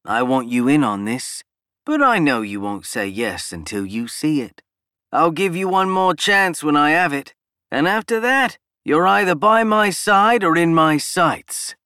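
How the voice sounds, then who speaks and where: A man's voice: lively intonation, unhurried, bright, forceful tone, smooth, dry recording, studio quality. A man doing a brash, boastful schemer. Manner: snapping, boastful, raised pitch. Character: brash arrogant male politician, scheming.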